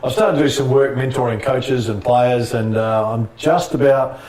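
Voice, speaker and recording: A middle-aged Australian man and former basketball player, telling lively anecdotes in a casual interview and laughing often. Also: mid-range voice, moderate pace, reverberant, recorded from a distance.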